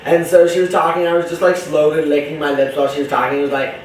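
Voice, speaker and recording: Young man, campy chatty vlogger, slightly high voice, echoey room, set back from the mic. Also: little pitch movement, quick pace, distant mic, slight background noise. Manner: chatty, profane, campy, jumps between topics. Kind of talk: casual rambling monologue. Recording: roomy echo, voice from off-mic.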